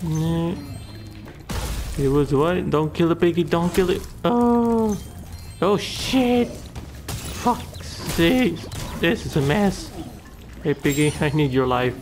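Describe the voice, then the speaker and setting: A man's voice: a little high, unhurried, long pauses, over music. A man giving casual gameplay commentary, muttering, swearing and talking back to the characters on screen. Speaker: let's play gamer.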